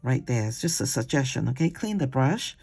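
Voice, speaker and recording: Gravelly, husky-voiced painting teacher. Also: medium pitch, big pitch swings, brisk, soft background music. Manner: chatty and digressive, ends steps with "okay?"; gentle, coaxing instructions. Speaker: watercolor instructor. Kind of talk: casual painting demonstration.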